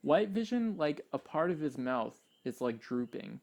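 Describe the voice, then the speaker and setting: A man with a gravelly, fry-tinged voice co-hosts a relaxed podcast chat. He jokes and leans into sarcasm while he talks things over. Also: on the high side, measured pace. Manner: jokey, sarcastic. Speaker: podcast co-host. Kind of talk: casual chat.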